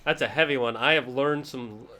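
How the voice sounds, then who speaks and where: Deadpan male gaming co-host. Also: medium pitch, normal speed, a crowd in the background. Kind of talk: casual gameplay commentary.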